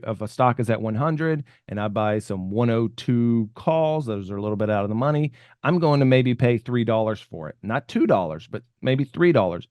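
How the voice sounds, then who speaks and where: A man talks through investing ideas on a podcast at an easygoing pace, thinking out loud and letting his sentences fade at the end. His voice sits in an ordinary middle range. The recording is dry and close, with no room sound. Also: medium pitch, no echo. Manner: conversational, thinking aloud, trailing off softer at the ends of points. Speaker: podcast co-host explaining options trading. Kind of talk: casual explanatory podcast talk.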